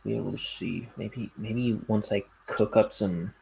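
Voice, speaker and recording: A man's voice: fairly low pitch, steady tone, a little slow, creaky, mellow, husky. A man chatting casually and joking dryly while he draws comics. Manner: dry, joking. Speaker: comic artist co-host. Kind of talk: casual chat.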